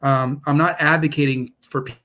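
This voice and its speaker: A man's voice: fairly high pitch, steady tone, normal speed, sharp tone. A man in his forties, a podcast guest telling his story in an earnest, rambling way with many restarts. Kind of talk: casual interview storytelling.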